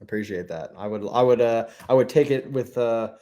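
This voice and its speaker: A young man chatting casually as a podcast guest, telling stories fast and slipping into mimicked quotes. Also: medium pitch, dark tone, lo-fi sound. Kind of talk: casual chat.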